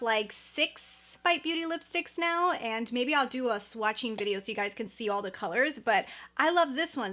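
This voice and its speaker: A woman's voice: on the high side, fairly bright tone. A young woman chatting enthusiastically to camera as a beauty vlogger, recorded indoors at home on a camera mic, often repeating words for emphasis. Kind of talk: casual product review to camera.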